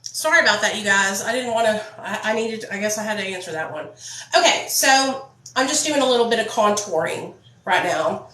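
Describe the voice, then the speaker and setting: A woman's voice: medium pitch, a little fast, sharp tone, roomy sound, poor audio. A young woman vlogger chatting candidly and swearing freely as she tells her story while doing her makeup. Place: indoor room, phone ringing.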